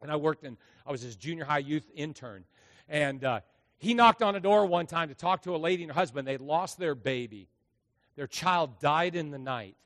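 A male pastor preaching a sermon in a church, emphatic, swinging between loud and hushed. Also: fairly high pitch, moderate pace, in a large hall. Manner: emphatic preaching with dramatic acted quotes and big volume swings. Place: church sanctuary.

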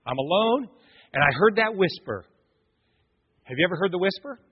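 In a church sanctuary, a middle-aged pastor delivers a quick-paced sermon, telling animated stories and speaking directly to the congregation. His fairly high, husky voice trails a long reverb, and the recording sounds dull and muffled.

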